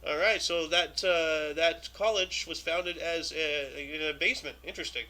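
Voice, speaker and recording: A man's voice: on the high side, steady tone, moderate pace, pushed and bright. A man hosting a casual history livestream, reading dated events aloud and adding loose offhand remarks with plenty of fillers. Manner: reads dates aloud then adds offhand asides, many fillers. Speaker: show host.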